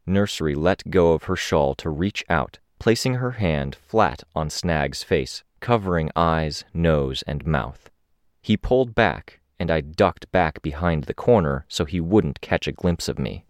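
A man narrating a first-person story in a steady, descriptive reading. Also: very deep voice, unhurried, dry recording, studio quality. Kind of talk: audiobook narration.

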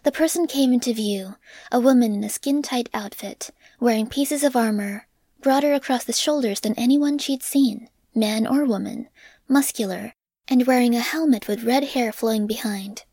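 A woman narrating a story in a measured voice that drops to a whisper on grim passages. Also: on the high side, dark tone, no echo. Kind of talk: audiobook narration.

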